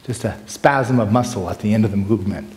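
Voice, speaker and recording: Animated man lecturing in an echoey hall. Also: fairly low pitch, a little fast. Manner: animated, shifts between loud bursts and hushed asides. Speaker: preaching workshop speaker. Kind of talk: conference lecture with demonstrations. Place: large hall with long reverb.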